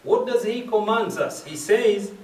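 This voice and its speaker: In an echoey mosque or community hall, a man speaking at a majlis explains verses methodically and repeats key phrases in his religious lecture. His voice sits high with a darkish tone, unhurried, and the mic is set at a distance.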